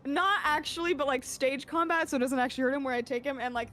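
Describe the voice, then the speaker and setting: A woman playing a tabletop role-playing game, describing her character's moves in an animated, giggly way. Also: sits high, fast talker. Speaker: player. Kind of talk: tabletop role-play chat.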